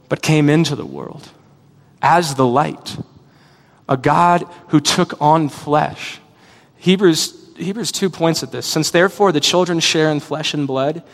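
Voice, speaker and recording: A man preaching a sermon as a pastor, earnest and reflective, telling personal stories. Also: fairly high pitch. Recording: long hall reverb.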